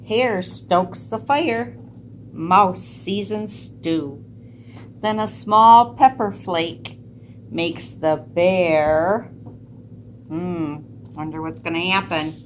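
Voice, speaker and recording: A woman reading a picture book aloud to children, pausing to ask gentle questions about the pictures. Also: fairly low pitch, slight background noise. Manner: gentle, asks listeners questions. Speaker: storyteller.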